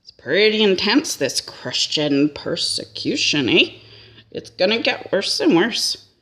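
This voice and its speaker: Rambling woman, lively low voice. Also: slow. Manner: rambling and folksy, tags lines with "eh?". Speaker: comedian. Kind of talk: comic monologue.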